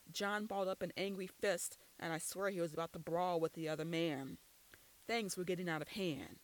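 A woman's voice: lowish voice, moderate pace, low-quality recording. A woman reading a first-person story aloud as scripted narration, telling it steadily. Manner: steady storytelling with quoted dialogue.

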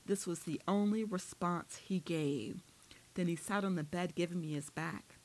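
A woman narrating a first-person audiobook in a steady, descriptive storytelling manner. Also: on the low side, low-quality recording.

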